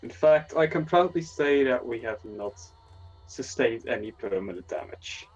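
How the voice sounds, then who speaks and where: A man's voice: mid-range voice, animated, a little slow, slightly rough, soft background music. A man playing a dutiful ship's officer on a dull line. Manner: formal, reassuring report.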